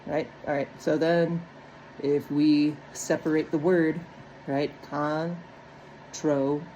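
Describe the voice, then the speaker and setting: A woman's voice: sits low, level tone, takes it slowly, warm tone, muffled recording, slight background noise. A woman walking step by step through a phonics lesson on breaking words into syllables, checking in often with "right?". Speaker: teacher.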